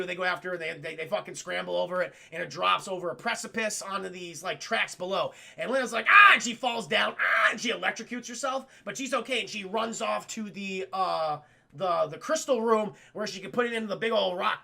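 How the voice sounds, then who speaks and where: A man recapping a film for his stream chat, excitable, swearing constantly and acting out the scenes. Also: high-pitched, vocal fry.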